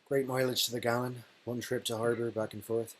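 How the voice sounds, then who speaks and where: A man voicing a sullen, distrustful eighteen-year-old at a script table read, speaking curtly with a husky voice. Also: mid-range voice, level tone, fairly quick, lightly acted, rough recording. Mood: terse.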